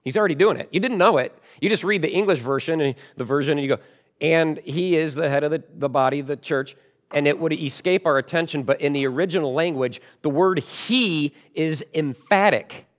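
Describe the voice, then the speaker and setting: A man preaching a sermon as pastor, emphatic, with loud stressed words and quieter asides. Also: fairly high pitch, fairly quick.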